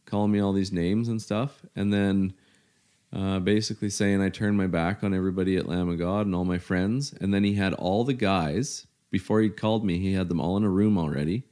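Man, middle-aged, very low voice, plain-spoken, halting storyteller, casual interview talk. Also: steady tone, a little mellow. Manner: plain-spoken, halting, many fillers like "you know". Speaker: guest telling his story.

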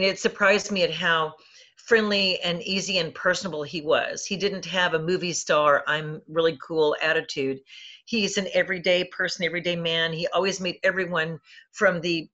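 A woman's voice: fairly low pitch, a bit bright, dull audio. A woman film critic telling chatty anecdotes about stars in an interview, with many restarts. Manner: chatty, lots of fillers and restarts.

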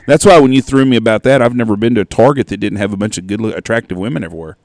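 A man's voice: fairly low pitch, rapid-fire, a little mellow, dry recording. A man co-hosting a hunting podcast, telling blunt, profane stories in casual chat. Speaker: podcast co-host.

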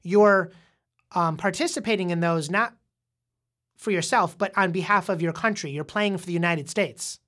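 A woman's voice: fairly low pitch, moderate pace, a bit bright. A woman hosting a casual podcast, patiently explaining and quizzing a young guest, often restarting her words. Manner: frequent repeated restarts. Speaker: podcast host interviewing a young child.

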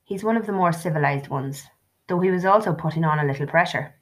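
A woman reading the part of a careful middle-aged father who speaks low and gently. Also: fast talker, lightly acted. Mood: explaining. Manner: low-voiced, reasoning, gentle.

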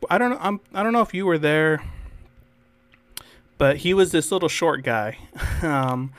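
A man's voice: a little high, animated, a little slow. A young man co-hosting a podcast, telling school stories in a rambling, swear-filled casual chat. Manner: rambling storyteller, swears freely. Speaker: podcast co-host.

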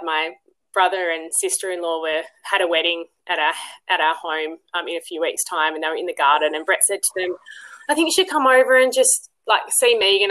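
A woman's voice: sits low, fairly bright tone, poor audio. A woman guest on a podcast, telling a personal story casually, with many ums and restarts. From Western Australia. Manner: chatty, full of ums and restarts; acts out quoted dialogue in a livelier voice.

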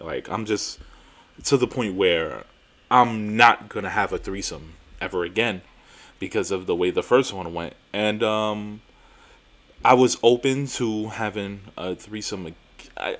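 A young man with a low voice tells a story on his podcast. He talks casually and with energy, swears freely, and drives his points home by repeating them. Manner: animated, profane, self-mocking, emphatic repetitions. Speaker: podcast host.

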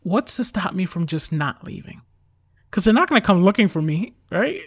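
A man in casual podcast chat, joking in a deadpan way. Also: high-pitched, moderate pace, breathy edge, no echo. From United States. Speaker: podcast co-host.

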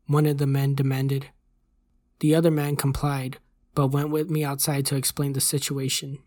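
A host reading a horror story aloud in a measured, even voice at a close mic. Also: mid-range voice, dry recording. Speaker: host and narrator. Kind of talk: scripted horror story narration.

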